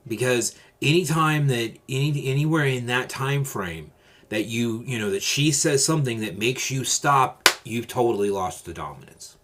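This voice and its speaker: A man hosting his own channel, giving advice in a calm, measured, deliberate casual monologue. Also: mid-range voice.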